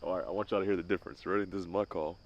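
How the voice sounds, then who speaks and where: A man's voice: low voice, steady tone, rapid-fire, highs cut off. A man, outdoors on a hunt, joking and brash in casual banter. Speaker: duck hunter. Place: outdoors at a duck marsh. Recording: clear outdoor background noise.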